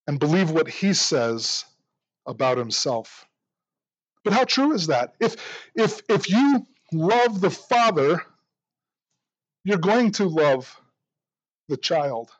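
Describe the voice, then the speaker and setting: High-voiced earnest male preacher. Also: husky, no room sound, lo-fi sound. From United States. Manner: earnest, repeats words at the start of phrases. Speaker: pastor. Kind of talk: sermon.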